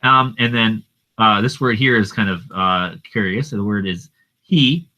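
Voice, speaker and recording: Bright-toned man teaching Hebrew grammar. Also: lowish voice, dull audio. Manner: halting, many restarts and fillers, reads verses slowly. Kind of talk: explaining grammar of a text line by line.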